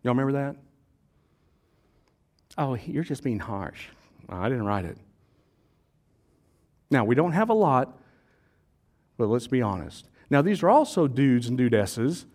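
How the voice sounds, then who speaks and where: Playful joking pastor. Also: male voice, medium pitch, sing-song, moderate pace, long pauses, a little mellow. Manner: playful, jokey, acts out voices of the crowd. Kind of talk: casual conversational preaching.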